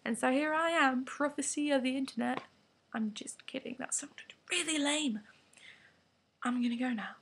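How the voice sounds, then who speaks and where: Slight background noise sits under this teenage English girl's high-pitched, somewhat bright voice at normal speed. She rambles frankly to camera in a vlog rant, slipping in whispered asides.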